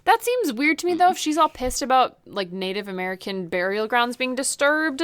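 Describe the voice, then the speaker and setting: A woman's voice: sits high, big pitch swings, brisk, fairly bright tone, clear, resonant tone, no room sound, clean studio sound. A woman co-hosting a podcast, reacting animatedly with gasps and frequent swearing in casual chat. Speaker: podcast co-host.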